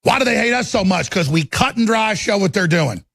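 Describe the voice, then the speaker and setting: Middle-aged male host with a raised, raspy voice, ranting furiously and repeating himself on a live broadcast. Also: high voice, animated, fairly quick, fairly bright tone, no room sound. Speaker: talk radio host. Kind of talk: angry political broadcast rant.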